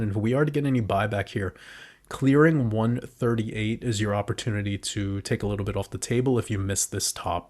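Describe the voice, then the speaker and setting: A man with a lowish voice walks through price charts in loose, unscripted commentary. He swears freely and breaks into excited outbursts as he talks. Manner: casual and profane, with excited outbursts. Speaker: crypto market commentator. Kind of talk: casual chart analysis commentary.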